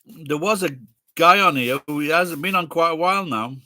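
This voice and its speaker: A man's voice: a little high, normal speed, pushed and bright, no echo, clean studio sound. A man in his sixties with a Sheffield accent, hosting a livestream in casual chat, bluntly answering viewers' questions and swearing freely. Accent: Sheffield English. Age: 60s. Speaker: livestream host reading viewer comments.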